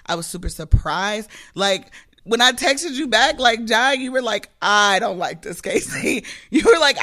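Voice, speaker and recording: A woman co-hosting a podcast, telling stories in a casual, profane, animated way, laughing often. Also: a little high, normal speed. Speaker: podcast co-host. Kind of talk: casual chat.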